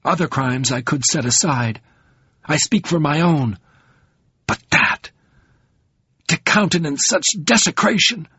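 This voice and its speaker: A man's voice: a little high, lively intonation, slow pace, darkish tone, husky, no echo, voice pushed up, exaggerated voice. A man voicing a bitter, proud woman who speaks in vehement, formal outbursts. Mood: furious. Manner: spitting, vehement, formal speech. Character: bitter, proud woman in fierce, cold fury. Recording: dull, lo-fi sound.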